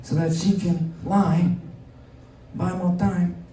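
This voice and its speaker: A man doing a low, conspiratorial mafia-boss impression of a scheming president in a live comedy sketch. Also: flat delivery, slow pace, dark tone, slight background noise. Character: mobster-style impression of a male president, scheming and boastful. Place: comedy venue stage. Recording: roomy venue sound from far off.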